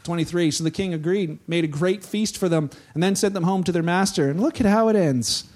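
A man preaching a conversational sermon, telling a story in an animated way and acting out the voices. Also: sits high, brisk. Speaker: pastor.

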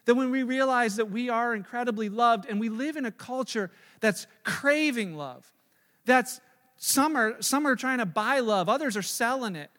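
A man in his thirties preaching a sermon, telling a story in a conversational, animated way with fillers and restarts. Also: very high voice, normal speed. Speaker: pastor. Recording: long reverb of a large hall.

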